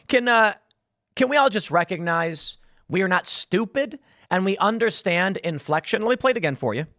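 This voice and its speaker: A man hosting a political commentary show, talking in an animated, sarcastic way with riffing asides. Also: high-pitched, normal speed, dry recording, studio quality. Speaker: host.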